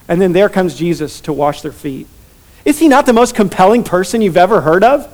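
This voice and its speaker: A man's voice: sits high, animated, moderate pace, darkish tone. A man pastor preaching a sermon earnestly, building to emphatic repeated lines.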